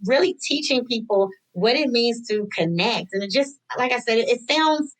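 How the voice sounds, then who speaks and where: A woman in her thirties, a guest on a podcast, talking in a relaxed conversational way and acting out the lines of the people in her stories. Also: on the high side, moderate pace, rough recording. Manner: animated, acts out quoted dialogue. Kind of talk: casual conversational storytelling.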